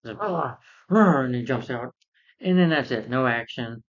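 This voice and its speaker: A man's voice: medium pitch, fairly quick, muffled recording. A man rambling through an exasperated movie review rant, full of fillers and restarts.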